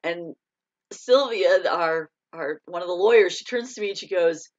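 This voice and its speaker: A middle-aged American woman, an author, chatting casually to a live audience, laughing often and breaking into excited bursts. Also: fairly low pitch, normal speed. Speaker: author hosting a live chat. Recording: dull lo-fi stream audio.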